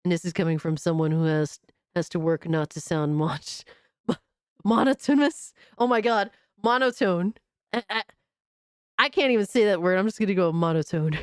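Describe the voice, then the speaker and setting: A woman's voice: lowish voice, animated, moderate pace, smooth, no room sound, studio quality. Mocking profane woman streamer. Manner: mocking, profane, laughs at the clip. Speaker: streamer host reacting to a video. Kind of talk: casual reaction commentary.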